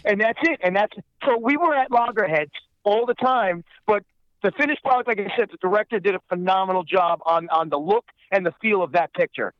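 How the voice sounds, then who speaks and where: A man's voice: sits high, a little fast, no echo, lo-fi sound. A man, a guest voice actor, telling profane anecdotes in a rambling way, repeating himself and swearing freely.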